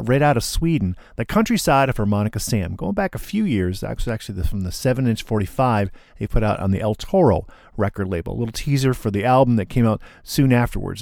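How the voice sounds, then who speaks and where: A male radio DJ talking between records in a relaxed, chatty patter at a middling pitch. He keeps it casual and calls listeners "man". The sound is dry and close, with no room around it. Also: dry recording.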